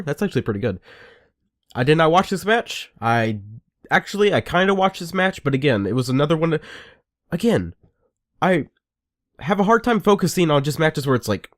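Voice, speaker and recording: A man's voice: on the high side, sing-song, normal speed, long pauses. A man giving a casual, rambling and sarcastic review rant, full of restarts. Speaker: wrestling reviewer.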